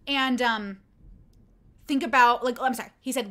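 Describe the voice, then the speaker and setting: A young woman talks to her viewers in a loose, candid way, wandering through a personal story with plenty of "like" and "um" along the way. Her voice sits a little on the high side. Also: moderate pace, sharp tone. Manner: candid, rambling storytelling with many fillers. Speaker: content creator and streamer. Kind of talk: casual livestream talk.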